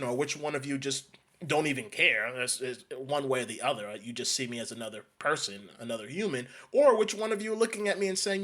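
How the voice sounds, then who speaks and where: A man's voice: mid-range voice, fairly quick, a bit bright. A man from New York delivering an emphatic ranting monologue, repeating and restarting phrases. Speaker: commentator.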